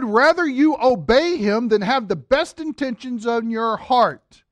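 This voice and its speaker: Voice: mid-range voice, lively intonation, measured pace, dry recording. A Bible teacher giving a conversational lesson, breaking off for jokes and talking straight to the listeners. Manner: joking asides, addresses listeners directly.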